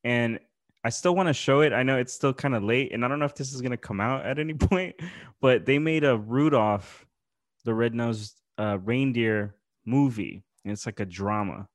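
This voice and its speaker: A man's voice: medium pitch, normal speed. A man co-hosting a podcast, reacting in laid-back casual chat. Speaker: podcast co-host.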